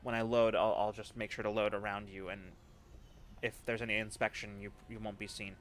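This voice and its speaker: A man's voice: fairly low pitch, little pitch movement, fairly quick, close to an everyday voice. A man voicing a nervous, easily cowed male delivery driver who stammers and apologizes.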